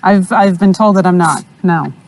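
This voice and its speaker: A woman taking a horse training lesson outdoors, speaking in a soft, hesitant way. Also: lowish voice, normal speed. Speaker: student.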